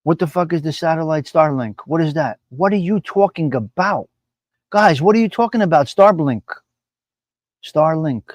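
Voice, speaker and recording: Brash New live-stream host, tough-guy swagger, slightly high voice, dry sound. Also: lively intonation, normal speed, dry recording. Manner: swaggering, profane, repeats lines for emphasis. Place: his apartment.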